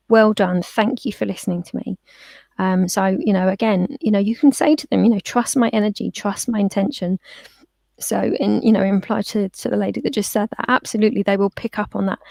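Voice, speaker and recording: A chatty woman tells animated stories and slips into quoted voices as she goes. Her voice has a gravelly, creaky texture. The sound is dry and close, as if she is talking over a call. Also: mid-range voice, dry recording. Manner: chatty, storytelling, acts out quotes. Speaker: pet therapist guest. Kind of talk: casual interview chat.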